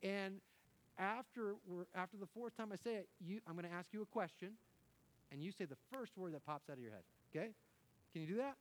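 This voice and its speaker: Pastor guy preaching, bit higher voice, laughs a lot, keeps restarting. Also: brisk. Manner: animated, laughing often, self-interrupting with restarts. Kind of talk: sermon.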